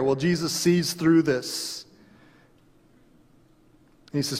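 A man's voice: medium pitch, measured pace, pauses often, long reverb tail. A man pastor giving an earnest, conversational sermon.

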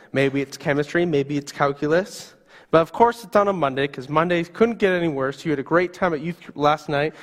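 A man's voice: fairly high pitch, big-room sound. A male youth pastor preaching, telling a vivid story in the second person. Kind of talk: sermon storytelling.

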